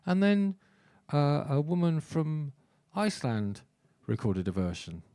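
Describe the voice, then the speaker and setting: A man's voice: fairly high pitch, sing-song, measured pace, warm tone. A man, a singer-songwriter, telling wry, self-deprecating stories between songs at a small live show.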